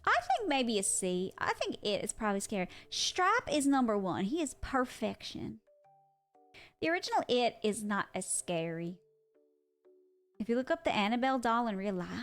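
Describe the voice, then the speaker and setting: High-voiced excitable young woman streamer. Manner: excitable, swears freely, loud outbursts. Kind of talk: casual live-stream chat. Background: faint music.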